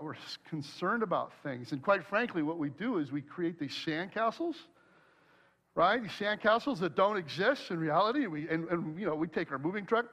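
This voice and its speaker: A man preaching a sermon, telling a personal story in an animated way and acting out his own worried thoughts aloud. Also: high voice, highs cut off. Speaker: pastor.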